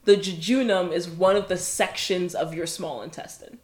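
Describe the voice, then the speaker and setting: A woman's voice: fairly low pitch, steady tone, normal speed. A woman co-hosting a casual chat, explaining details, laughing easily and often restarting her sentences.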